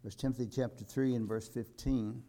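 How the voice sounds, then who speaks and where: A man's voice: mid-range voice, steady tone, normal speed. Older male pastor, sermon delivery, plain mid voice, emphatic rising climaxes. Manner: rises to loud emphatic peaks, quotes scripture.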